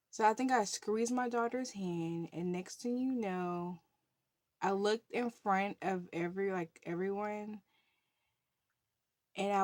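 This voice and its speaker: Chatty woman with a low voice. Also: no room sound. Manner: chatty, many fillers, laughs while telling. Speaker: budgeting channel host. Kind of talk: casual storytelling vlog.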